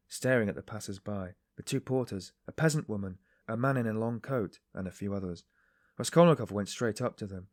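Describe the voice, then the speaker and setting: A man reading a novel aloud as an audiobook narrator in a measured, even way. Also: lowish voice, dry recording, studio quality. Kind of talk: scripted narration.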